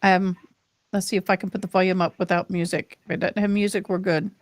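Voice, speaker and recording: A woman's voice: mid-range voice, little pitch movement, fast, no echo. An older American woman hosting a live stream, chatting casually with viewers and a caller while showing clips. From United States. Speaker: livestream host.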